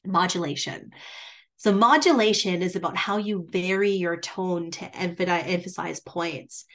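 Woman coaching presentation skills. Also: fairly low pitch. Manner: deliberately varies volume and pace for emphasis; coaching, with frequent "um" fillers. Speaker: business presentation instructor. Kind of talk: webinar presentation.

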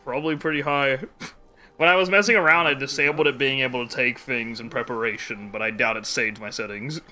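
A man's voice: medium pitch, fairly even intonation, a little fast, pushed and bright, soft background music. A man streaming a game live, rambling casually, swearing freely and laughing often. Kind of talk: casual gameplay chat.

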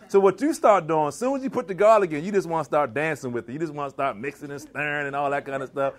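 A man's voice: fairly high pitch, fast, hardly any pauses. A man from the DC and Maryland area with a Maryland accent, giving a live cooking demonstration in a church hall, playful and quizzing his audience in call and response. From Washington DC / Maryland area, US. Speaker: chef giving a cooking demo.

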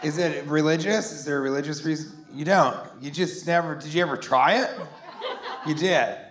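A man in his forties doing a rambling, sarcastic stand-up set, sometimes bursting into shouted put-on voices. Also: fairly high pitch, normal speed. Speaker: stand-up comedian. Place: comedy club stage before a laughing audience. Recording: roomy live club sound with crowd.

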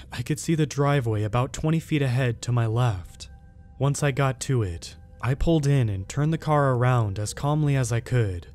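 A man's voice: medium pitch, darkish tone. Man narrating a scary story. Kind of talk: scripted narration.

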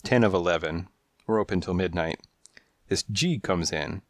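A man voicing a menacing male gangster alley cat with a raspy voice and tough-guy street slang, in a storybook reading. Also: deep voice, moderate pace, no room sound, clean studio sound, natural voice. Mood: gruff.

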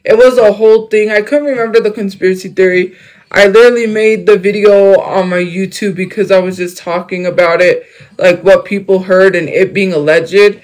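A man's voice: high-pitched, steady tone, normal speed, poor audio. A young man chatting casually on a livestream. He rambles, jumps between topics and fills his talk with fillers.

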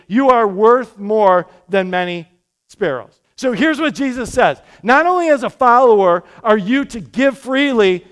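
A male pastor preaching a sermon in a church, energetic and conversational, with quick asides to the congregation. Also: sits high, clear, resonant tone. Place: church sanctuary.

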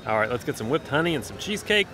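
A man's voice: mid-range voice, sing-song, very fast, background noise. Upbeat man vlogging a theme park. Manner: upbeat, enthusiastic, addresses viewers as guys. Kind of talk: casual vlog narration.

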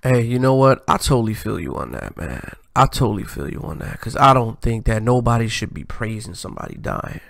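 This is a man hosting a commentary stream, and his voice has a gravelly, fry-laden edge. He speaks in a preachy, emphatic way, as if lecturing his audience. The sound is dry and close, with no room echo. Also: fairly low pitch, very animated, brisk, few pauses, fairly bright tone. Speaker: live-stream host. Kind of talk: commentary vlog.

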